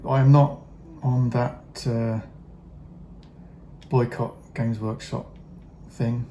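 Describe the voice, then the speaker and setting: A man's voice: medium pitch, little pitch movement, very slow, dark tone, slight background noise. A middle-aged man chatting casually while he paints miniatures, rambling with many fillers, wry asides and the odd swear word. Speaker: hobby vlogger painting miniatures.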